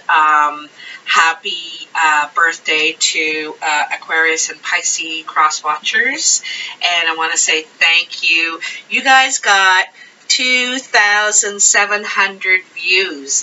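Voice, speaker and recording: Woman tarot reader, low-pitched and unhurried, bright-toned, heard from a distance on dull lo-fi audio with faint hiss. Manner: slow, rambling, chatty, with frequent fillers. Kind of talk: casual tarot reading to camera.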